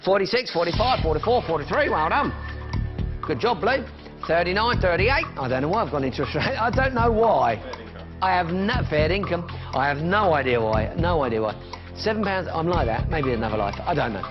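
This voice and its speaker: A man hosts a live TV shopping pitch, chatting and calling out falling prices. His voice sits a little high for a man. The broadcast sound is dull and lo-fi, with music clearly playing underneath. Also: very animated, fairly quick. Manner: chatty, upbeat, counting down prices. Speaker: shopping channel presenter.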